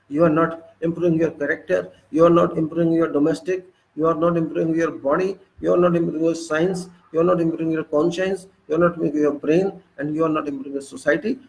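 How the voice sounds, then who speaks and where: Guy preaching, high pitched voice, keeps scolding and firing off questions. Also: darkish tone, poor audio. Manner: scolding, rhetorical, repetitive lists; emphatic questions to the audience. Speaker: spiritual speaker. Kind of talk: preaching monologue.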